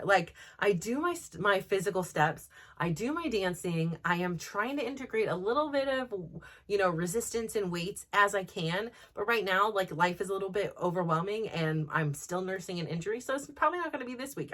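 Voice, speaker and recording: A middle-aged woman chats openly as a podcast host, her thoughts tumbling out with fillers and self-corrections. Her voice sits at a medium pitch, and she shares everything in a loose, personal tone. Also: fairly bright tone. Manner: candid, rambling, with many fillers and restarts. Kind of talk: casual personal chat.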